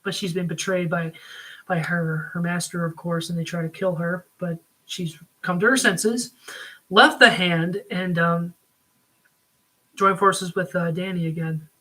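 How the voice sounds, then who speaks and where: A man's voice: sits high, steady tone, a little slow, bright, forceful tone, rough recording. A man giving a casual spoken review, rambling with frequent ums and likes. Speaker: video reviewer.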